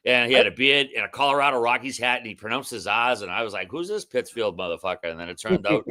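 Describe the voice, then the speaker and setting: Fast-talking Boston man, bright voice. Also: mid-range voice. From Massachusetts. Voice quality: gravelly. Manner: joking, self-deprecating, ball-busting banter. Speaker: guest. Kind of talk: casual podcast chat.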